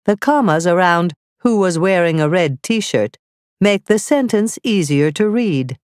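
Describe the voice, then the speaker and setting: A woman narrating a scripted grammar lesson, reading slowly and carefully with clearly spelled-out examples. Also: lowish voice, expressive, a little mellow, dry recording, clean studio sound. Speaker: teacher.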